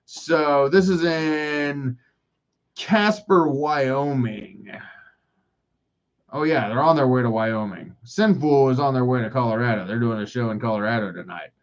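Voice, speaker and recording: Unhurried and mid-range, the voice of a forty-something podcast host comes through a muffled recording. On his own, he rambles, swearing and poking fun at himself.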